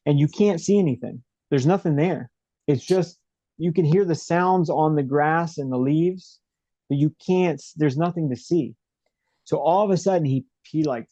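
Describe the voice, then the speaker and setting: A man's voice: on the high side, normal speed, warm tone, no echo. Young guy rambling through a story in an interview, lots of ums, dry slightly muffled sound. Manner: rambling, many fillers and restarts. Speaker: interview guest.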